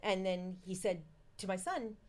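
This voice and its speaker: A woman's voice: mid-range voice, measured pace. A middle-aged woman speaking as an interview guest, telling a story casually and acting out the dialogue with lots of expression. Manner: animated, acts out quoted dialogue. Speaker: company founder, guest.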